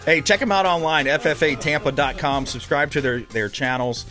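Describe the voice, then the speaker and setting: A man hosting a radio talk show in a casual, animated and indignant way. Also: a little high, normal speed, soft background music.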